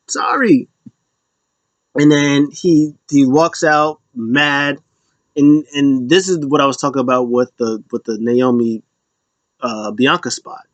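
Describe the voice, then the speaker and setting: A man's voice: mid-range voice, no echo. Rambling man recapping wrestling, dry sound. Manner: rambling, acts out quotes in raised voices. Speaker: podcast host.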